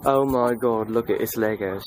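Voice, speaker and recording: A man's voice: fairly low pitch, moderate pace, a little hiss or hum, rough recording. Brief: male vlogger, teasing, playful, often laughing, casual phone-camera audio from inside a shop. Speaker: vlogger filming with a friend. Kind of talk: casual vlog chat. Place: inside a big store. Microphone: handheld phone camera.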